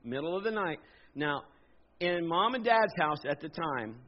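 Animated man in his fifties preaching. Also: fairly high pitch, measured pace. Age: 50s. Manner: animated, jokey storytelling with acted-out voices. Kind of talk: storytelling sermon. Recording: dull lo-fi sound.

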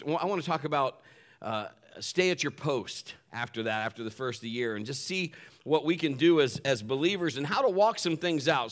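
Bright-voiced casual preacher. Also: male voice, on the high side. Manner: casual, rambling, many fillers. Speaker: pastor. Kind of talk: sermon. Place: church.

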